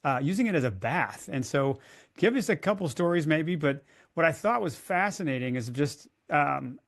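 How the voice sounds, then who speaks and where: A man hosting a podcast interview, steering his guest toward the next topic with short prompts. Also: medium pitch. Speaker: podcast host. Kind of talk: interview questions.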